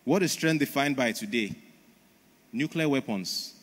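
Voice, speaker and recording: A man's voice: medium pitch, measured pace, a bit bright. A man preaching a conference sermon in an emphatic, storytelling manner, in a large church auditorium. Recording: long reverb of a large hall.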